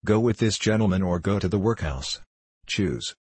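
A man doing a gruff, rough peasant stepfather. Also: low-pitched, expressive, normal speed, darkish tone, no echo. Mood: harsh. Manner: harsh, threatening.

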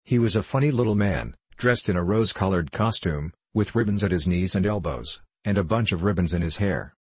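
Male storybook narrator, deep and breathy, dry close sound. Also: brisk, darkish tone, no room sound. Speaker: audiobook narrator.

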